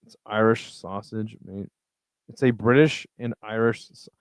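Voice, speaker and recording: With a voice on the low side, this livestream host reads his chat a little slowly, reacting in a relaxed manner and swearing plenty. The sound is clean and studio-like, with no room sound.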